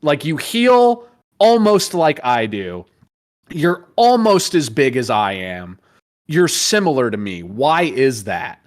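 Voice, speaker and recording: A man's voice: mid-range voice, big pitch swings, slow pace. A man voicing a furious warlord in a lore retelling. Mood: angry, musing. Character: furious giant warlord father, brutal and volatile.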